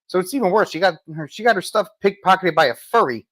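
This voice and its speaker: This time the podcast host has a high, expressive, slightly bright voice and talks fast, with no room sound. He's on the road using a mobile setup with patchy reception, reading headlines and interrupting himself with sarcastic asides as casual news commentary.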